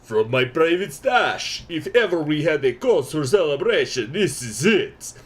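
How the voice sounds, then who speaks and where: A man voicing a boisterous male Russian army commander in a put-on Russian accent, loud and drawn out. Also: fairly high pitch, big pitch swings, unhurried, breathy edge, pitched above the performer's own voice, heavily acted. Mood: jubilant.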